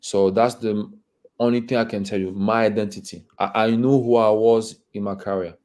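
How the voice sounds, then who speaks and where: A man speaking as an interview guest about his football career, talking haltingly, repeating words and laughing between phrases. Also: lowish voice, fairly even intonation, a little mellow. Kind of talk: candid conversational interview.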